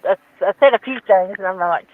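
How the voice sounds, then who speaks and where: A woman's voice: medium pitch, brisk, no room sound. A woman telling a story as a guest on a call, acting out the dialogue and laughing at herself. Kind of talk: casual storytelling. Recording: dull, dry remote call audio.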